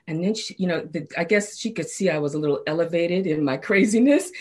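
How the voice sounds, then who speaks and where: A woman with a lowish voice tells her story as a guest in a studio. She acts out what others said, her pitch leaping up and down as she goes. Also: normal speed, breathy edge. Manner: expressive, acts out quoted dialogue with big pitch swings. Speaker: guest cancer survivor. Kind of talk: personal storytelling in a studio interview.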